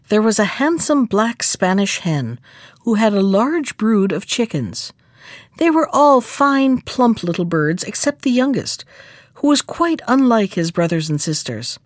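A woman narrating a fairy tale in an expressive storybook manner, close to the microphone. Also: fairly high pitch, no echo.

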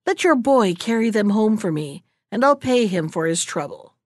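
Storybook: sly spiteful old hag, croaky and muttering, a woman voicing her. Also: medium pitch, animated, normal speed, a little mellow, dry recording, studio quality, close to an everyday voice. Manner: muttering, mocking.

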